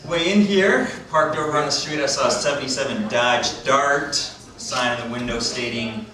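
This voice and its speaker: A man doing a deadpan, self-deprecating stand-up comedy set. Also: mid-range voice, normal speed, hardly any pauses. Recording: echoey club from far off. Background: crowd laughter.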